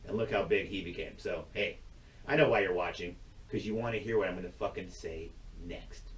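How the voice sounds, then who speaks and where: A man hosting his YouTube channel goes on a casual, meandering rant to camera, profane and blunt, breaking into laughter often. His low voice moves fairly quickly with a fairly bright tone, captured by a distant mic with roomy sound.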